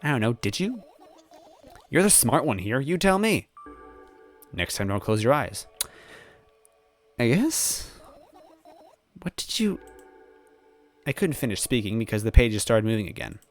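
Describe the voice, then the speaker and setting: A man hosting a let's play, reading the game's text aloud and answering it with jokes and quick laughs. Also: medium pitch, soft background music. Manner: animated, joking, quick laughs.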